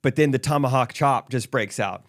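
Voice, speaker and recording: A young man co-hosting a podcast, telling stories in relaxed casual chat and laughing often. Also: mid-range voice, moderate pace. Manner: laid-back storyteller, laughs often. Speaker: podcast co-host.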